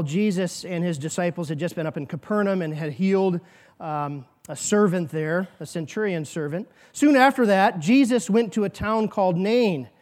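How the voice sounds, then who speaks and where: A pastor with a high-pitched voice delivers a sermon to his congregation. His tone is earnest, and he asks rhetorical questions and performs quoted asides.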